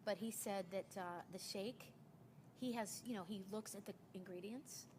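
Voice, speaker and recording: A woman's voice: medium pitch, moderate pace, a little mellow, slight background noise. Chatty woman in her forties. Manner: chatty storyteller acting out quoted dialogue. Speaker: recruiter sharing sales tips. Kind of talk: casual chat.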